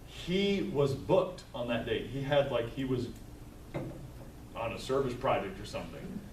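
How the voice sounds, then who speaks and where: A man leads a live staff training session in a room with tables, speaking conversationally, telling stories and tagging points with "right?" His voice is medium-pitched with lively intonation at a measured pace. The room is echoey, the mic far off, with faint noise.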